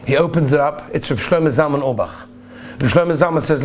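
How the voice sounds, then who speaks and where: A man, a rabbi, speaking in a somewhat high voice as he tells a moral tale to his listeners. He speaks earnestly and with emphasis, often repeating his words. A faint hum sits under the recording. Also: a little fast. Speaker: rabbi giving a talk. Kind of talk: sermon with storytelling.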